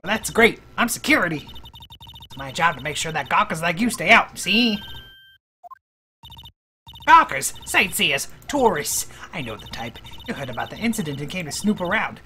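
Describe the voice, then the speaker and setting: A streamer playing a brusque older woman guarding a studio gate, suspicious of everyone, her voice pushed higher and louder. Game music plays clearly behind. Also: very animated, moderate pace.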